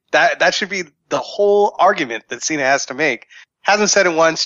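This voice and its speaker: A man's voice: on the high side, lively intonation, moderate pace, pushed and bright, no room sound, highs cut off. A man giving sardonic, matter-of-fact commentary in a casual podcast chat. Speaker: podcast guest.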